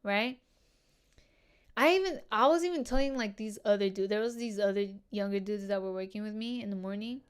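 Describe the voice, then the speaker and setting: A woman hosts her own podcast, telling listeners a personal story in casual slang, swearing heavily and calling them dude and girls. Her voice is medium-pitched and clean in tone, and she talks briskly.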